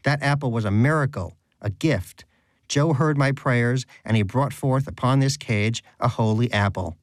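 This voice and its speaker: A man's voice: mid-range voice, normal speed, dry recording, close to an everyday voice. A man voicing a pious, earnest and prim male pet rodent who lectures with preachy fervor. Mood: fervent.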